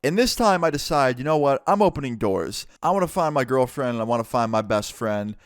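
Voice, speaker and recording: A young man telling a personal story to camera in a casual, profane, animated way. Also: mid-range voice, a little fast, clean tone, no room sound, clean studio sound. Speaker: vlogger. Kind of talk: storytime narration.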